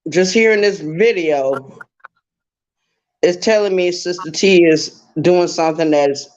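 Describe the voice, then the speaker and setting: Slow, blunt woman on a lo-fi call. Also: fairly low pitch. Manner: blunt, repeats points for emphasis. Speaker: guest caller. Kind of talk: casual drama commentary. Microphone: online call through a browser. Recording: dull lo-fi call audio.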